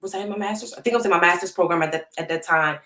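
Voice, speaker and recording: A woman in her thirties gives her testimony as a guest on a talk show. She has a lower voice and talks casually with many fillers. The room sounds echoey. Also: racing, sharp tone. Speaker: guest, business owner. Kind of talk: personal testimony in conversation.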